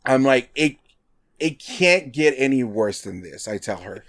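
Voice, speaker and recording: A man from Nevada telling a story in casual chat, animated and swearing, acting out quotes with lots of "like". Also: medium pitch, a little slow.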